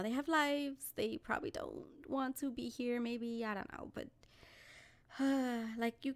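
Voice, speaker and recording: A woman from New York City co-hosting a casual podcast, telling profane, animated stories with laughs. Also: on the high side. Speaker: podcast co-host. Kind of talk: casual chat.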